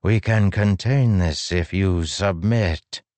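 A man reading an audiobook, voicing an imperious female warrior in a measured, haughty way. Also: deep voice, darkish tone, no room sound.

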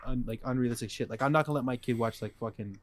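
A man's voice: mid-range voice, racing. Rambling slangy young man. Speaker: podcast co-host. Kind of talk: casual chat.

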